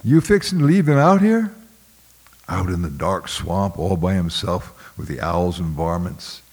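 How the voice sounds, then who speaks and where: A man voicing a frightened young boy who speaks shrill and anxious. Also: expressive, unhurried, darkish tone, husky, exaggerated voice. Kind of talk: audiobook character voice.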